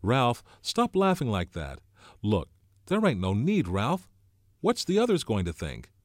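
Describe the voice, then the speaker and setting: A man reading an audiobook voices an anxious schoolboy with a shrill, excited, pleading manner. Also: moderate pace, no room sound, studio quality, natural voice.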